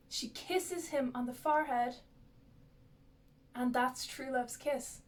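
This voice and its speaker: A woman's voice: sits high, steady tone, takes it slowly, pauses often. A woman vlogger rambling through a casual recap of a TV show's plot, with lots of "like" and asides.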